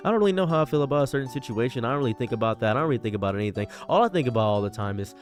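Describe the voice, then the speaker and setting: A man streamer talking in a rambling stream-of-consciousness monologue, rapid-fire and repetitive, jumping between excited highs and quiet mutters. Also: soft background music.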